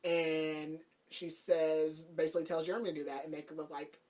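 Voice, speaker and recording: A woman's voice: sits low, little pitch movement, normal speed, mellow. A woman podcast host casually recapping a book's plot, chatty and laughing, with lots of "like". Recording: voice a bit far from the mic.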